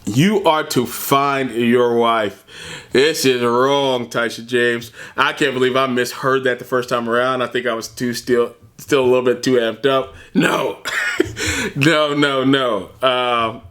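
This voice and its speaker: A man talking through a reaction video in an easygoing, chatty way. His voice sits at a medium pitch, and he keeps breaking into laughter and tossing in man and bro as he goes. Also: fairly even intonation, measured pace, fairly bright tone. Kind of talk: casual commentary.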